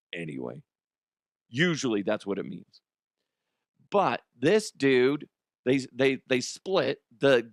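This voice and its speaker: Dude hosting a funny news show, swears a lot and jokes around, kinda high voice, real dry sound. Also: male voice, fairly bright tone, no room sound. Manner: crude, jokey, breaks into silly put-on voices. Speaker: podcast host. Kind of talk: casual comedic news chat.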